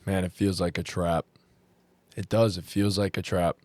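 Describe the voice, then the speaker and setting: A man co-hosting a casual sports podcast, rambling and animated in the banter. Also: sits low, moderate pace, no echo. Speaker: podcast co-host.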